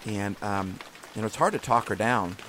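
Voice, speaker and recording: A man's voice: on the low side, moderate pace, background noise. A man hosting a podcast, giving a casual devotional talk in an earnest, encouraging way that rambles and restarts often. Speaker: podcast host.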